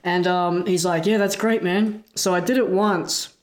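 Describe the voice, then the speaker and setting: A man's voice: high-pitched, fairly even intonation, a little slow. A man casually recounting a story from his past, talking loosely with lots of likes and asides. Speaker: wrestler recalling a story.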